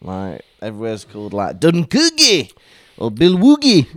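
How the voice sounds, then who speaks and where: Animated, chatty male podcast co-host. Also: mid-range voice, moderate pace, no echo, studio quality. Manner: chatty, laughs often, playful banter. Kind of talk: casual chat.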